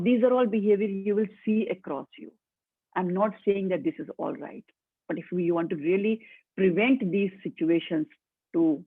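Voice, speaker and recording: A woman's voice: fairly low pitch, breathy edge, dry recording. A woman with an Indian English accent giving an earnest, urging webinar talk on mental well-being, often repeating her key points. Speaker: mental health speaker. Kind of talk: motivational webinar lecture. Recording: tinny phone-like online call audio.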